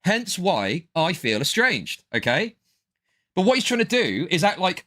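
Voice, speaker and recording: Brief: rambling male streamer, bright and animated. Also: high voice, unhurried. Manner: rambling, hedging, says "bro" and "dude". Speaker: streamer commentator. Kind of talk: casual stream commentary.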